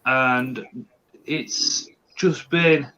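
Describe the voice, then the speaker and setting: A man's voice: mid-range voice, steady tone, drawn-out words, pushed and bright, highs cut off, faint music behind. A man hosting a live stream, chatting casually and rambling with lots of fillers. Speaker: livestream host.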